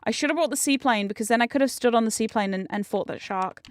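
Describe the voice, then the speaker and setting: A woman chats through a video game in casual commentary. Her slightly high voice is smooth and clear. It sits close and dry on the mic, and she often leaps into excited squeals and swearing. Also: quick pace, no echo. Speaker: VTuber streamer.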